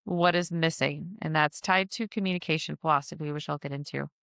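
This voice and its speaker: Chatty woman mentor hosting a podcast; low pitch, clear and smooth tone. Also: steady tone, a little fast, a bit bright, no echo, studio quality. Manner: chatty, frequent "like" fillers, laughs at herself. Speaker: podcast host and business mentor. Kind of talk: casual instructional podcast.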